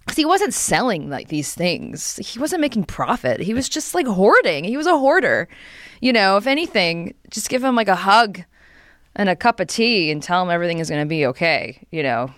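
Animated woman podcaster, lively storyteller. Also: mid-range voice, no echo, clean studio sound. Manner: animated storyteller, quick laughs, acts out quotes. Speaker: podcast co-host. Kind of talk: casual chat.

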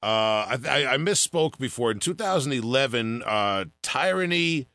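A man with a Long Island accent hosting a casual podcast interview, laid-back and halting with lots of fillers. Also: mid-range voice, expressive, sharp tone, no room sound. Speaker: podcast host.

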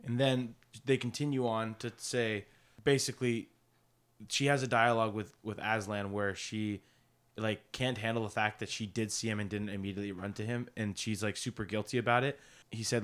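A man with a fairly low voice talks through a book in casual conversation. He rambles a little, leaning on fillers as he retells scenes. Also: steady tone, brisk. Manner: chatty, many "like" fillers, paraphrasing scenes.

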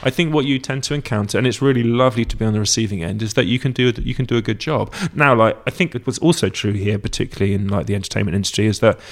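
A British man with a British English accent talks fast in a casual interview, his low voice carrying a gravelly rasp. He rambles through his stories, often stopping to correct himself mid-thought. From Britain. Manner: rambling, self-correcting storyteller. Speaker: actor guest.

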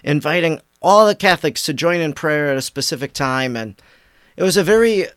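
A man hosting a devotional podcast, reading tweets aloud and reflecting on them in warm commentary. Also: a little high, animated, a little fast, clear, resonant tone, dry recording, studio quality. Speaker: podcast host.

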